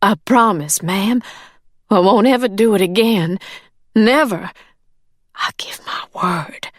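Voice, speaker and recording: A woman's voice: medium pitch, slow, no room sound, clean studio sound, pitched above the performer's own voice. A woman voicing a loyal older housekeeper who speaks deferentially in dialect grammar. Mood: pleading.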